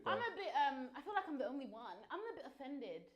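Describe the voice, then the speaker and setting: A woman's voice: sits high, big pitch swings, fast talker, over a noisy crowd. A young woman, ranting in mock outrage during a casual group debate. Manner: mock-outraged, theatrical, laughing. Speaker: panel guest.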